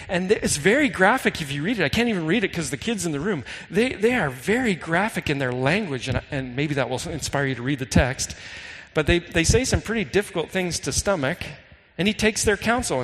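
A man's voice: fairly high pitch, a bit bright. Earnest male pastor in a reverberant hall. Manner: earnest, reads scripture slowly and dramatically. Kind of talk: sermon.

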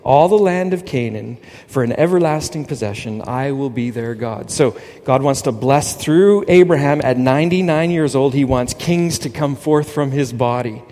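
A man preaching a sermon, animated and quoting scripture with emphasis. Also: medium pitch, moderate pace, hardly any pauses, big-room sound. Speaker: pastor.

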